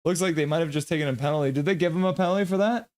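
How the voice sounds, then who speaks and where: A man hosting a live reaction stream, chatting with viewers, reading their messages aloud, joking and laughing, and breaking into excited play-by-play calls. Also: fairly high pitch, very fast. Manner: reads chat aloud, jokes and laughs often; bursts into excited goal calls. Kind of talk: casual live chat with play-by-play.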